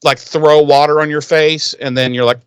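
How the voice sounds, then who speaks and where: A man's voice: fairly high pitch, normal speed, clean tone, dry recording. Profane podcast man, dry close sound. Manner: profane, animated retelling with quoted character lines. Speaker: podcast co-host. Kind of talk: casual recap chat.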